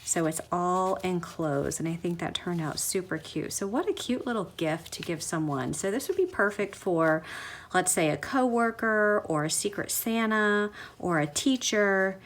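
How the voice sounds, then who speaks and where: A woman's voice: on the low side, unhurried, a little hiss or hum. A woman walking through a paper craft project step by step in a chatty tutorial, often gushing about how cute it turns out. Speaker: craft demonstrator.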